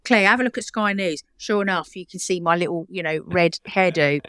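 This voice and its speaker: Lively chatty British woman guest. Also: on the low side, a little fast, no room sound, clean studio sound. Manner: animated, laughs often, acts out quoted voices. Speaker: charity founder, guest. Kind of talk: conversational interview storytelling.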